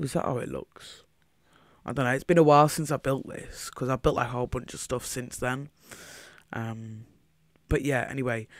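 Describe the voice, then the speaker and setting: A man's voice: mid-range voice, no room sound, clean studio sound. A man giving casual commentary over his own game footage, rambling and thinking aloud as he goes.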